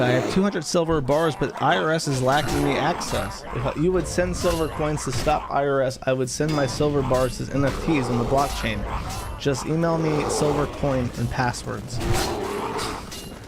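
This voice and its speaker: An American man streaming live, reading viewer donations aloud with wry, offhand remarks. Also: mid-range voice. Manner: wry, offhand, chuckling asides. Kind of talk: casual live-stream chat.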